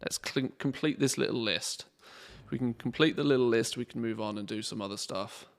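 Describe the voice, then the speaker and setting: A man streaming a game, chatting casually and thinking aloud in a relaxed, rambling way. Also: medium pitch, brisk. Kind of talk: casual live-stream commentary.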